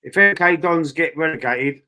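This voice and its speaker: A man's voice: fairly high pitch, normal speed, sharp tone. A Cockney man hosting a fan chat stream, talking bluntly, swearing and repeating himself as he argues his points. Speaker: football fan channel host. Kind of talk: casual live-stream chat.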